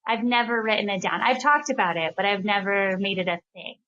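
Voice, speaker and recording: A woman's voice: medium pitch, bright, forceful tone, muffled recording. A woman in her thirties co-hosting a podcast in casual chat, talking freely with lots of fillers and laughing easily. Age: 30s. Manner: chatty, filler-heavy, quick to laugh. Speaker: podcast co-host.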